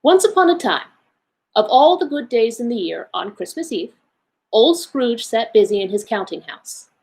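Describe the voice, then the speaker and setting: A woman, a library associate, giving an expressive, measured read-aloud of a classic story. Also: a little high, low-quality recording.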